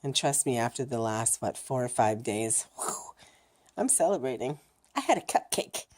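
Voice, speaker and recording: A middle-aged woman chatting casually to camera in her vlog, frank and animated, laughing often and swearing now and then. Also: a bass voice. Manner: animated, laughing, mimics racing thoughts with fast chatter. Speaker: vlogger sharing her cancer journey.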